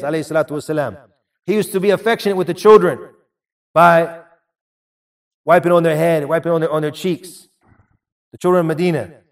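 A man's voice: a little high, recorded from a distance. A man giving a sermon, earnest and repeating phrases for emphasis. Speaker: preacher.

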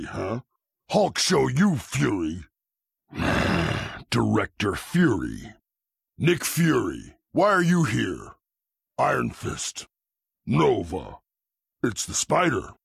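A huge green brute full of rage for a video game, barking blunt broken third-person lines. The voice is deeply gravelly and raspy, dragging slowly through each word. It is recorded close and dry. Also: male voice, fairly bright tone, no echo, exaggerated voice. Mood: gruff. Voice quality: gravelly roaring voice.

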